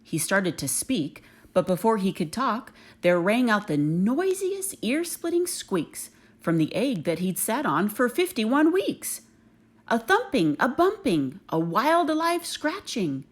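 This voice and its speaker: A woman's voice: on the high side, slow. Woman reading a kids book aloud, bouncy rhymes, lots of ups and downs in her voice. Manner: expressive, rhythmic read-aloud. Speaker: reader.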